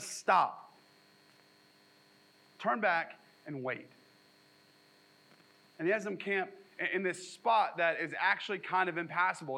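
A man with a slightly high voice preaches as a pastor, reading scripture and retelling it through animated storytelling full of casual asides and jokes. The recording is rough.

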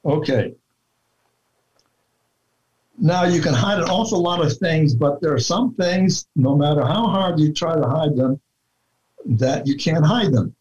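Guy rambling thru his research w lots of uhs, warm lowish-toned voice, kinda dull lo-fi audio. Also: expressive. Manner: deliberate, with many fillers and restarts. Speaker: researcher guest. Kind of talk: conversational interview talk. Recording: dull lo-fi sound.

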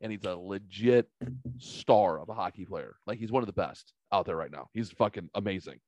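A man hosting a casual podcast, telling stories in a lively, profane way and acting out the quotes. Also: deep voice, moderate pace, dry recording, muffled recording. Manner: animated, profane, acts out quotes. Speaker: podcast host. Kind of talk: casual storytelling chat.

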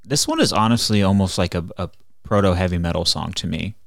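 Young guy cohosting a music podcast, chill, restarts sentences, really deep voice. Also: a little fast, vocal fry, no echo, studio quality. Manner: laid-back, restarts his sentences. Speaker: podcast co-host. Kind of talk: casual music review chat.

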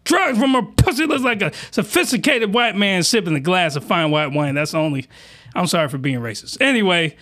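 A man's voice: sits high, lively intonation, fairly quick, fairly bright tone. A man hosting a crude comedic reaction commentary, talking in rowdy, slangy, exaggerated outbursts. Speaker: commentary host.

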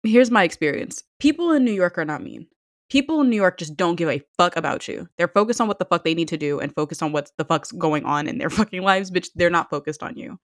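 A woman's voice: lowish voice, expressive, quick pace, no room sound, studio quality. A young woman co-hosting a casual podcast chat, telling blunt, profane stories and acting out what people said. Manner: blunt, profane storytelling with acted-out quotes.

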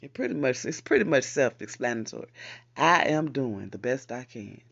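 A man hosting a podcast, reciting affirmations and repeating them slowly for emphasis in an encouraging way. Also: mid-range voice, big pitch swings, gravelly, a bit bright, highs cut off. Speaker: podcast host. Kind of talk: spoken affirmations.

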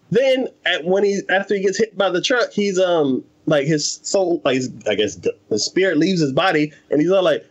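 A man's voice: sits high, expressive, brisk, hardly any pauses, low-quality recording. A man in casual chat, animatedly retelling an anime plot and acting out the characters' lines, with lots of fillers. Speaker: anime podcast co-host.

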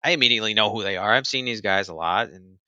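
Guy telling his own story real casual, bright tense voice, dry close sound, lots of "like"s. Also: on the low side, fast talker, smooth, no room sound, muffled recording. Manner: loose and conversational, many fillers like "like" and "you know". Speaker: storyteller recounting own experience.

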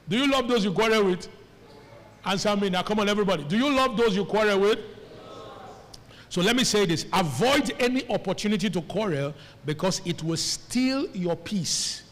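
A man preaching a sermon as pastor, animated and calling on the congregation to answer him. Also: high voice, normal speed. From Nigeria. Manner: animated, calls on the congregation to respond. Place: church hall. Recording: echoey church hall.

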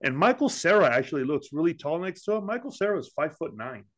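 A man with a slightly raised voice trading dry, sarcastic remarks with friends on a podcast. His tone stays deadpan and teasing. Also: on the high side, fast. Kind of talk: casual comedic podcast chat.

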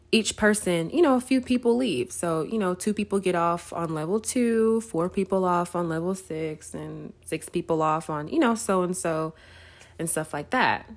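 A woman hosting a faith podcast, telling a story in a casual, chatty way, often asking "right?" and laughing. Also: lowish voice. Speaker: podcast host.

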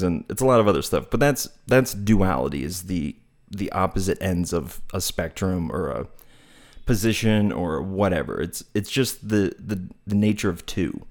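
A man's voice: low voice, a little mellow. A man giving a casual, reflective talk, telling a parable in a meandering, thoughtful way and searching for his words. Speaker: speaker on non-duality.

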